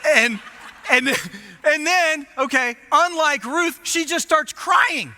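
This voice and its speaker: A lead pastor tells a story from the pulpit in an animated, self-mocking way. His voice sits high and very bright, with real force behind it. The sound carries the long reverb of a church auditorium. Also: slow pace. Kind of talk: storytelling sermon.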